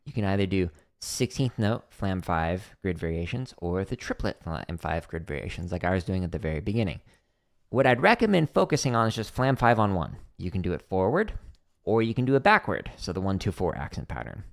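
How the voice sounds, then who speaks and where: A man's voice: deep voice, very animated, fairly quick, vocal fry. A middle-aged man hosting a drum practice livestream, chatty and explaining exercises step by step with casual fillers.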